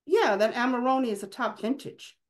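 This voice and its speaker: A woman reading aloud, voicing a calm, easygoing young man who shrugs off trouble. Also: a little high, normal speed, voice pushed up, lightly acted. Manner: calm, casual, breezy. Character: young man, cool and unflappable charmer.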